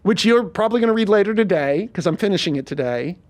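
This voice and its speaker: Animated high-voiced man pitching a movie. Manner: rapid, animated, swears freely. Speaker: podcast host, screenwriter. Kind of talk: casual chat, pitching a movie.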